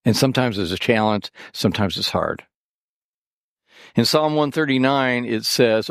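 A man preaching a sermon, animated and expressive, with sarcastic asides. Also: medium pitch, normal speed, clear, resonant tone, dry recording, studio quality. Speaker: pastor.

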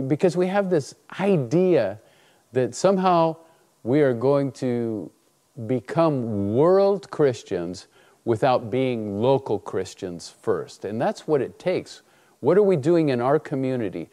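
A man preaching a sermon, telling a personal story and acting out the dialogue in it. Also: mid-range voice. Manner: animated storytelling, acts out dialogue.

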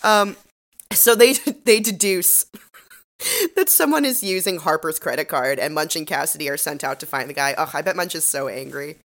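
A woman co-hosting a podcast, recapping a TV episode in giggly, animated casual chat. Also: low-pitched, normal speed. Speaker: podcast co-host.

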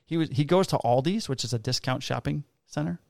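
Gravelly cop telling stories. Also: male voice, on the high side, brisk, no room sound, studio quality. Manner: profane, animated storyteller acting out dialogue. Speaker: police officer telling stories. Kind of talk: casual storytelling chat.

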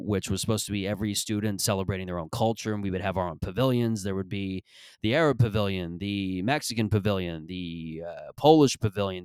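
A man in his thirties hosts a podcast, telling stories in a rambling, profane, comedic monologue. His voice is lowish with a clean tone, recorded dry in clean studio sound.

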